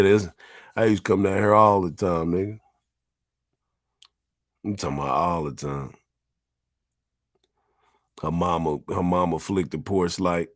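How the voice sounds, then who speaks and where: A man's voice: deep voice, dry recording, studio quality. A middle-aged man casually reminiscing as he tours his old neighborhood, talking in profane, laid-back street slang. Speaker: vlogger.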